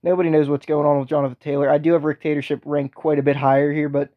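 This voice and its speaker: A man's voice: on the high side, level tone, very fast, narrow, tinny audio. A man hosting a casual fantasy football chat, talking hesitantly with lots of ums and restarts. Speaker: host.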